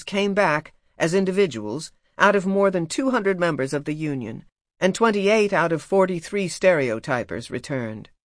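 A man narrates a memoir in a measured, even reading style. His voice sits a little higher than most men's. The sound is close-miked and dry, with no room in it. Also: no echo. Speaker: audiobook narrator.

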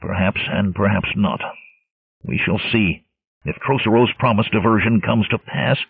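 A fierce barbarian chief barks out blunt orders in a deep, gravelly growl, as a male narrator acts him out. The delivery is commanding and gruff. It comes through thin and tinny with a husky, close-up dryness. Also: measured pace, dry recording, heavily acted. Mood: grim. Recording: tinny lo-fi narrowband audio.

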